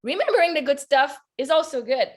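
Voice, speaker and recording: A woman's voice: high-pitched, lively intonation, a little fast. A woman life coach telling a personal story on a video call, earnest and heartfelt, talking with lots of "like" fillers.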